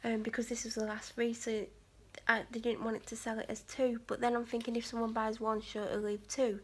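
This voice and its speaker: A woman's voice: a little high, little pitch movement, brisk, husky. A woman vlogger talking casually to the camera, rambling with many fillers and restarts.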